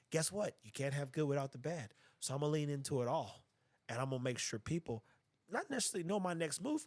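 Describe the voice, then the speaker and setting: A man's voice: fairly high pitch, husky, no room sound. A man hosting a podcast, telling stories in a blunt, profane, casual way. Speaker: podcast host. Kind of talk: casual chat.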